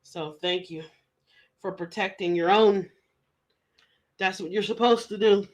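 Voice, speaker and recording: A woman's voice: mid-range voice, fairly even intonation, measured pace, a little mellow, low-quality recording. A woman streamer giving sassy, teasing casual commentary. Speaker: livestream commentator.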